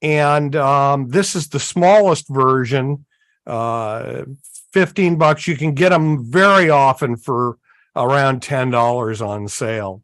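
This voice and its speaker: A man talks through gear on a live hobby show in a slow, easygoing way, with plenty of "uh" and "um" along the way. His voice sits in a middle range and sounds dry and close, with no room around it. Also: mid-range voice, fairly bright tone, dry recording. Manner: unhurried, folksy, many fillers. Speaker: co-host. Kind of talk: casual show-and-tell chat.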